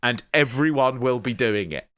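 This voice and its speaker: A man's voice: mid-range voice, animated, normal speed, fairly bright tone, slight background noise. A man co-hosting a casual wrestling review, telling stories with acted quotes and plenty of swearing. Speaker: podcast co-host.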